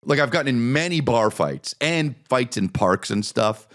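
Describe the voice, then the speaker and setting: A man's voice: mid-range voice, lively intonation, moderate pace, fairly bright tone. A man hosting a podcast, riffing through a profane, rambling comedic monologue with repeated bits. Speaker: podcast host.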